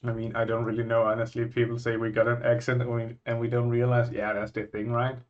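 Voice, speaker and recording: A man's voice: mid-range voice, monotone, fast, highs cut off. Musing Scandinavian man, casual chat. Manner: musing, thinks out loud with frequent restarts. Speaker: vlogger reacting to places.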